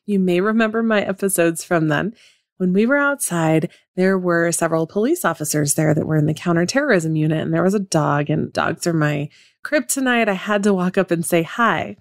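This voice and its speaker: A woman's voice: lowish voice, brisk, no room sound, studio quality. A woman hosting her own podcast, speaking in an upbeat, chatty way straight to her listeners. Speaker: podcast host. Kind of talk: solo podcast monologue.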